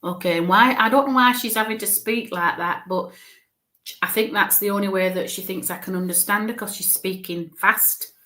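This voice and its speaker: A woman medium relays impressions in a live reading with a mid-range voice. She talks haltingly, often breaks off to search for a word, repeats herself and keeps checking in with the listener. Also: mid-range voice, sharp tone. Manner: searches for words mid-sentence. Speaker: spiritualist medium.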